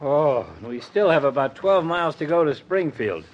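An actor playing a pompous, hot-tempered doctor on the golf course, in 1940s radio comedy. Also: male voice, a little high, animated, normal speed, dull audio, close to an everyday voice. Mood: blustering. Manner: blustering, grand.

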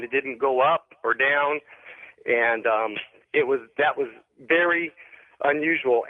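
A man's fairly high voice comes through a narrow phone line as he calls in to a radio show. He rambles and hesitates often, filling gaps with ums and restarting sentences. The line sounds dry and close. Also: dry recording. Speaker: caller. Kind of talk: telling a story on a radio call-in show.

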